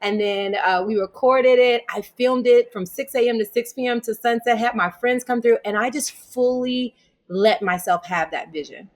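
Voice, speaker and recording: Animated woman telling a personal story. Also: fairly high pitch, moderate pace. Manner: animated, laughs while telling stories. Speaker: interview guest, yoga teacher. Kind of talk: casual storytelling.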